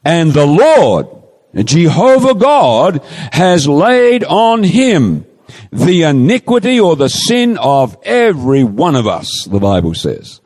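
A man preaching a sermon, quoting scripture with emphatic, pleading, drawn-out phrasing. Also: fairly high pitch, wildly swooping pitch, a little mellow. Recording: long hall reverb.

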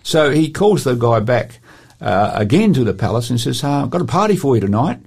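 A man, presenting a talk show and telling Bible stories with lively quoted voices. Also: medium pitch, brisk, vocal fry, husky. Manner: animated storyteller acting out quotes.

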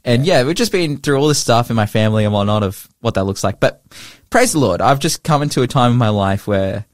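A young man speaks with earnest emotion about his life and faith, often restarting his sentences and scattering "like" through them. He has a pastor's warmth of conviction. His voice sits in a middle pitch and sounds close and dry, with no room around it. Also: animated, a little fast, dry recording. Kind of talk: heartfelt personal testimony in casual chat.

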